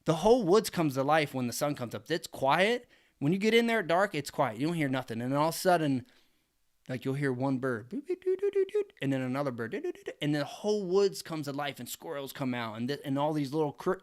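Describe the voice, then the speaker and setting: A man's voice: fairly high pitch, clear, resonant tone, no room sound, clean studio sound. A man hosting a casual livestream, rambling enthusiastically with lots of fillers. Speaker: livestream host answering viewer questions.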